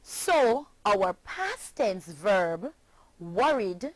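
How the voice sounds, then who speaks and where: A woman from Jamaica leads a scripted pronunciation lesson, spelling each word out one letter at a time. She speaks extremely slowly and deliberately, at a middling pitch. Her voice sounds close and dry, with no room around it. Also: sing-song, dry recording. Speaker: teacher.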